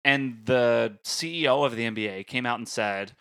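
A man's voice: mid-range voice, pushed and bright, clean tone, no room sound, studio quality. A man co-hosting a podcast, trading sarcastic quips in casual chat. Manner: quick banter, sarcastic quips. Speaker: podcast co-host.

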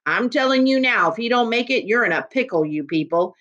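A woman voicing a gruff, blustering male rural constable who speaks in folksy, ungrammatical talk. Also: a little high, expressive, a little fast, a bit bright, highs cut off.

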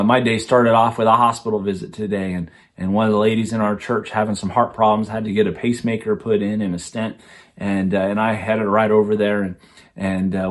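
A man, a pastor preaching a sermon in a conversational way, often restarting phrases and using fillers. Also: lowish voice.

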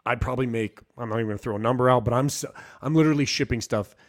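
A man's voice: mid-range voice, racing. A man cohosting a podcast in casual chat, easygoing and filler-heavy, calling others bro and dude.

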